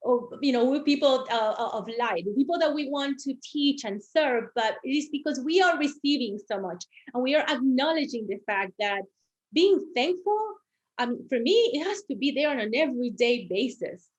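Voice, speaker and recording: A woman's voice: sits high, lively intonation, moderate pace, highs cut off. A woman hosting a podcast interview, talking thoughtfully and searching for her words as she goes. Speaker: podcast host. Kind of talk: conversational interview.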